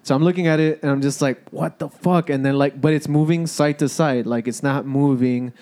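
A man's voice: fairly high pitch, fairly even intonation, fairly quick, darkish tone. A young man telling a story to friends in a casual, rambling way, cursing and restarting often.

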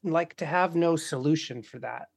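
A man's voice: fairly high pitch, normal speed, gravelly, dry recording, clean studio sound. A man in casual conversation, talking with passion, swearing freely and acting out the voices of people he quotes. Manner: impassioned, swears often, acts out quoted voices.

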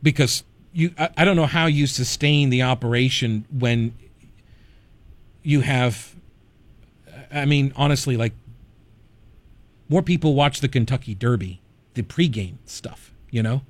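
A man's voice: mid-range voice, unhurried, pauses often, dry recording. A man hosting a talk radio show, giving conversational commentary full of digressions and wry asides.

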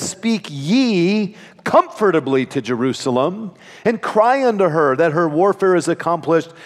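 A man preaching a sermon from scripture as pastor, with an emphatic delivery that slows and stresses key phrases. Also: sits high, big-room sound.

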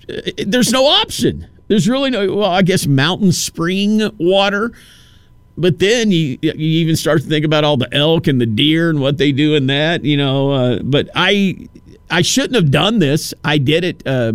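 A man's voice: mid-range voice, clear, resonant tone, no echo. A man hosting a radio talk show, rambling through stories and acting out quotes in a casual monologue. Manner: rambling, storytelling with acted-out quotes.

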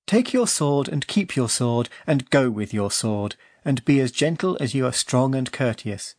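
A man voicing a kindly old abbot in an audiobook reading, with measured, grave delivery. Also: mid-range voice, big pitch swings, darkish tone, no room sound, clean studio sound. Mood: solemn. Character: kindly old male abbot, gentle and solemn.

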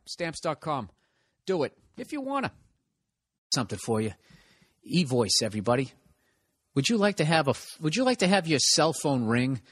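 A man who hosts a podcast and does stand-up, giving a casual, rambling ad read with swearing and self-mocking asides. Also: mid-range voice. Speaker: podcast host and stand-up comedian.

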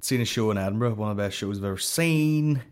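A man's voice: fairly low pitch, fast talker, clean tone. A Northern Irish man hosting a comedy podcast, ranting casually in a profane, rambling way and swearing constantly.

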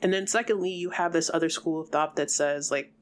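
Casual podcast co-host, blunt and emphatic, mid-pitched voice. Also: fairly even intonation, brisk. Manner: blunt, swears freely, emphatic. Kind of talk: casual chat.

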